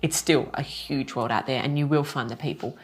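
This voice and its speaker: Animated woman coach, light music behind. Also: very deep voice, a little fast, slightly rough. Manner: animated, self-mocking, laughs while telling stories. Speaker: retreat organizer and business coach. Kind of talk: casual storytelling to camera.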